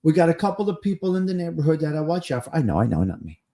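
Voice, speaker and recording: A man's voice: on the high side, big pitch swings, racing, dark tone. A man with a New Jersey accent hosting a casual live stream, chatting and repeating phrases for emphasis.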